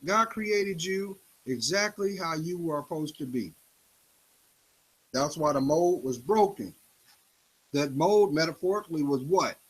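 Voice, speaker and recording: Husky man preaching motivation. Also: lively intonation, unhurried, pauses often, rough recording. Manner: emphatic, swings pitch up and down for effect. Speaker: motivational speaker.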